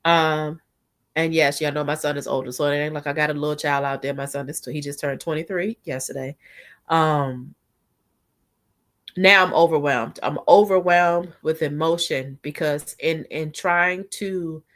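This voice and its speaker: A woman's voice: low voice, fairly even intonation, moderate pace, a bit bright. A woman in her forties telling a personal story in a casual storytime vlog, chatty and heartfelt, often asking the viewer if they follow. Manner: chatty, heartfelt, leans on "you know what I'm saying". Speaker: vlogger.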